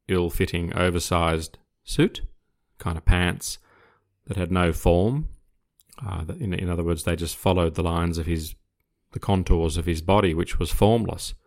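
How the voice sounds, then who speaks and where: An older man from Australia, a retired police officer, telling a story in casual conversation, hesitant with repeated words but growing vivid. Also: sits low. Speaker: retired police officer recounting his career.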